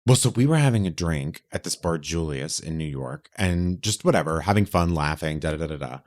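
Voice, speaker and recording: A man co-hosting a podcast, chatting casually and telling stories in an animated, theatrical way. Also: low voice, brisk. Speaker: podcast co-host. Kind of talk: casual chat.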